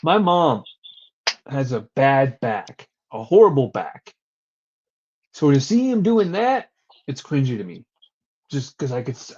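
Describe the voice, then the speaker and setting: A young man with a mid-range, slightly mellow voice co-hosts a casual wrestling recap podcast. He rambles and swears while telling stories, and the recording sounds dull and lo-fi.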